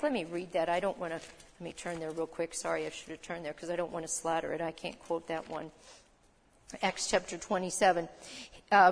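Preaching woman in a reverberant hall. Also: mid-range voice. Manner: animated, acts out Bible figures in voices. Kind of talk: sermon.

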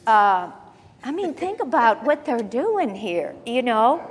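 A woman preaching to a congregation, her voice sitting a little high. She teaches from scripture in an animated, chatty way, breaking off into asides. The sound rings with the long reverb of a large church hall. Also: slow, breathy edge. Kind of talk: sermon, Bible teaching.

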